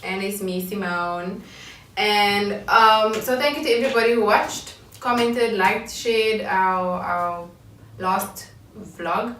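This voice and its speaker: A woman's voice: mid-range voice, steady tone, takes it slowly, fairly bright tone. Host, female, chatty and self-aware, roomy distant sound with faint hiss. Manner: laughing, chatty, self-conscious. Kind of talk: casual chat.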